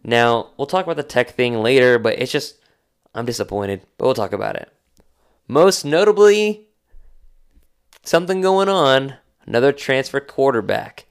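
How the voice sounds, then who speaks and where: A man co-hosting a casual sports podcast, talking in a slangy, animated way and acting out quotes. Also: mid-range voice, moderate pace, clear, resonant tone. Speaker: podcast co-host.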